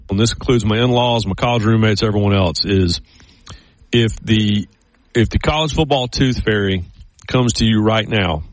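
A man's voice: medium pitch, dry recording. A man co-hosting a casual chat, telling stories in a rambling way with many restarts.

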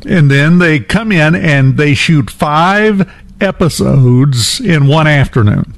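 A man's voice: a little high, lively intonation, slow pace, gravelly. A man hosting a morning talk show, telling a long personal anecdote in a casual, chatty way with many fillers and restarts. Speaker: radio show host.

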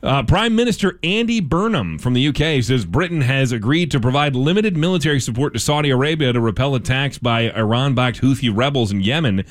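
A man's voice: medium pitch, lively intonation, a little fast, hardly any pauses. A man hosting a local radio show, reading news items with casual asides and fillers.

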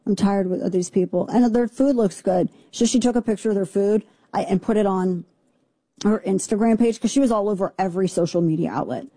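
A woman's voice: medium pitch, brisk, mellow, no room sound. Indignant, sarcastic woman radio host. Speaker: radio talk show host. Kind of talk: opinionated talk radio commentary.

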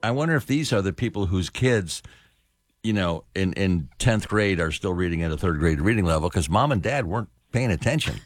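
A man's voice: low voice, a little fast, no room sound, clean studio sound. A man from Cleveland, Ohio, hosting a morning radio show, chatting casually and laughing often. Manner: laughs often, animated delivery.

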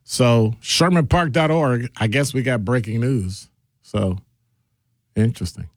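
A man hosting an afternoon call-in radio show, bantering and teasing his listeners as he reads their messages. His voice sits at an ordinary middle pitch, recorded dry and close with no room sound. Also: unhurried, dry recording. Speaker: radio talk show host.

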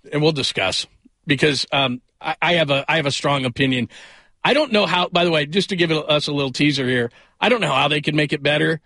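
Bright-voiced male sports radio host. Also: a little high, dry recording. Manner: rambling, self-deprecating, laughs often. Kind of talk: casual sports talk radio. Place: radio studio.

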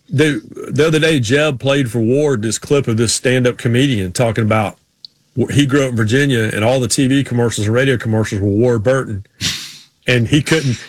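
A man's voice: medium pitch, dry recording. A middle-aged man, co-hosting a casual sports talk show and telling rambling stories. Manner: rambling storytelling with folksy Southern drawl impressions. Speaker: co-host.

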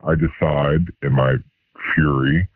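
Anonymous male caller, 40s, voice changer, extremely deep, husky, tinny phone line. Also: fairly even intonation, takes it slowly, no echo. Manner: rambling, sheepish storytelling. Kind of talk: confessional call-in story.

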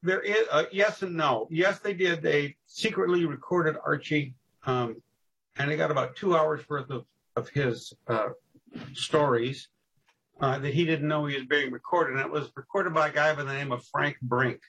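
A man spinning old stories with gusto, leaping into voices and laughing along. His voice is a touch higher than most men's and has a husky edge. He pushes his words out with force. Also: normal speed, fairly bright tone, poor audio. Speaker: guest storyteller on local history. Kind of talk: casual podcast storytelling.

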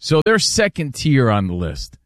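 A man's voice: medium pitch, wildly swooping pitch, measured pace, no room sound, studio quality. A man hosting a sports talk show, running through a ranking list and reading listener comments. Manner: steers the segment, reads listener comments. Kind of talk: casual sports debate.

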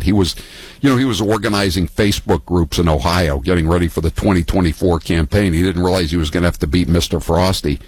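An older man, telling political stories in a rambling, halting way full of restarts. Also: sits low, darkish tone, slightly rough. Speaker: political talk guest. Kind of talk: casual political storytelling.

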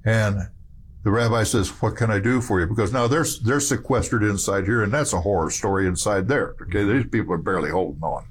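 A man's voice: on the low side, fairly quick, husky. A man giving emphatic, rambling storytelling commentary, full of restarts and asides.

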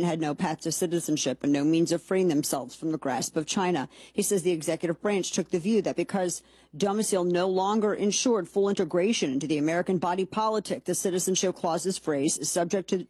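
A woman's voice: fairly low pitch, a little mellow, slightly rough, no room sound. A woman hosting a talk show, giving emphatic, opinionated political commentary and reading quotes aloud.

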